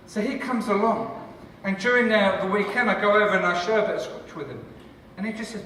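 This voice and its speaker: A man, a church leader and cafe founder, giving a lively conference talk with jokes for the audience. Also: high voice, quick pace, few pauses, a little hiss or hum. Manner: enthusiastic, joking, chatty with the audience. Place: large conference hall. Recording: echoey hall from far off.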